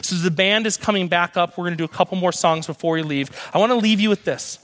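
High-voiced, animated young male preacher. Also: fast. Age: young adult. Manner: animated storytelling, acts out quoted voices. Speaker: guest speaker. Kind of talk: sermon.

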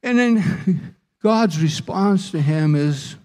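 A man preaching a sermon as pastor, slow and deliberate, lifting his voice for emphasis. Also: high voice, lively intonation, warm tone.

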